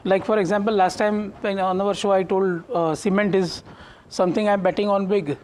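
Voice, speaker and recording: A man's voice: sits high, level tone, normal speed, a little mellow. An Indian-accented man, a fund manager in a studio TV interview, talking with many fillers and restarts. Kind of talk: live market TV interview.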